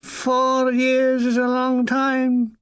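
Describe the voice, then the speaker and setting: A man voicing an old Scottish army chaplain with a slow drawl and a Scottish accent. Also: very high voice, monotone, fairly bright tone, smooth, no room sound, voice pushed up, heavily acted. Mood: mild agreement.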